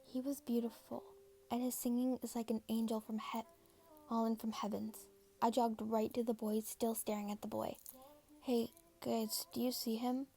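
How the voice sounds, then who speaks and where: A woman reads fan fiction aloud in a casual, first-person way. Her voice sits a little high and carries a strong gravelly fry. The narration runs on loosely, with the feel of a home recording. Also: level tone, moderate pace, warm tone. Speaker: fanfiction reader.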